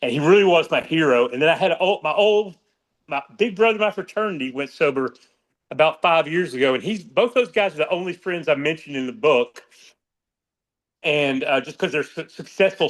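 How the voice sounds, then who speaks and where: A man's voice: on the high side, a bit bright. A middle-aged man, author and podcast guest, talking candidly and rambling with frequent restarts. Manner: rambling, restarts often, emotional about friends. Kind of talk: candid conversational interview.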